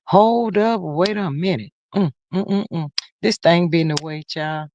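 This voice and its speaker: A woman's voice: lowish voice, unhurried, darkish tone, highs cut off, a little hiss or hum. A woman hosting a casual live stream, talking straight to her viewers and reading out the chat in a folksy, chatty way.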